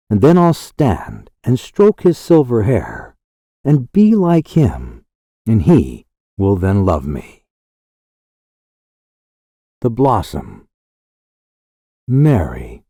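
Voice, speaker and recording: A man recites poetry for an audiobook at an unhurried, deliberate pace. His voice is mellow and warm, and it rises and falls widely through each line. The recording is dry and close, with no room sound. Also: mid-range voice, no echo. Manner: slow, measured, lilting recitation. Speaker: audiobook narrator. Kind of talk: scripted poetry reading.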